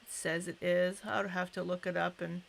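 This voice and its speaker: A woman's voice: fairly low pitch, level tone, normal speed, gravelly, a little hiss or hum. A young woman hosting a casual livestream, chatting and greeting viewers by name. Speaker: livestream host.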